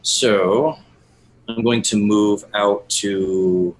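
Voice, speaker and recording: Deep voiced guy playing d&d, talks slow, chuckles a lot. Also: fairly even intonation, a little hiss or hum, poor audio. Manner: unhurried, laughs often. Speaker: player. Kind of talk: casual tabletop game chat.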